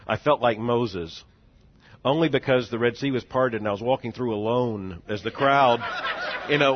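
A man in his forties, a seminary president, telling a story in a speech, swinging between hushed and loud with laughing asides. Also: mid-range voice, a little hiss or hum. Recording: dull lo-fi recording.

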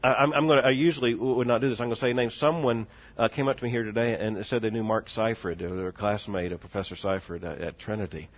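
A man in his forties, a seminary president, telling a story in a speech, swinging between hushed and loud with laughing asides. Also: fairly low pitch, fairly even intonation, fast talker, hardly any pauses. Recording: dull lo-fi recording.

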